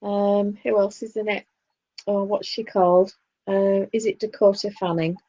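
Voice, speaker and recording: A woman's voice: mid-range voice, little pitch movement, moderate pace, warm tone, dry recording. Northern english lady chatting away, opinionated, kinda muffled lo-fi mic. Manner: chatty, opinionated, laughing asides. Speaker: podcast co-host. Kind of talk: casual chat. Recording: dull lo-fi dry sound.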